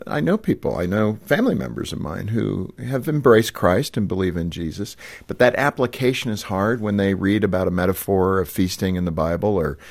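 A man with a very deep voice hosts a faith radio interview. His questions are thoughtful and a little halting, and he often answers with short affirmations. The recording is close and completely dry. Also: a little mellow, no room sound. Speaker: radio show host.

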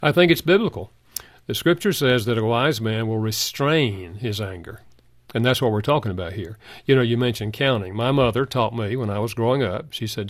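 A man's voice: medium pitch, fairly quick, no room sound, studio quality. An older man, a guest counselor in a Christian radio interview, telling stories in an earnest way. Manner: earnest storytelling.

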